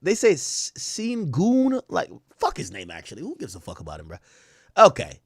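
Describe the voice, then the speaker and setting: A young man streaming live, trash-talking basketball players in a loud, profane, excitable way, his voice jumping up and down. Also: fairly quick, husky, no echo. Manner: loud, profane trash talk with sudden jumps in pitch and volume. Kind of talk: casual live-stream commentary reacting to chat and posts.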